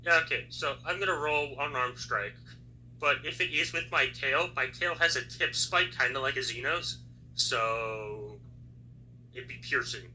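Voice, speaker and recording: A man's voice: medium pitch, measured pace, sharp tone, slight background noise, rough recording. A man playing a tabletop role-playing game, joking sarcastically with his group. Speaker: player. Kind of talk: casual tabletop role-play.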